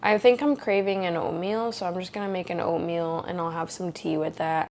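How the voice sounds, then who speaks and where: A woman's voice: on the low side, steady tone, a little fast, darkish tone. A woman in her twenties chatting casually at home in a vlog, rambling with lots of likes and little laughs. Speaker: vlogger.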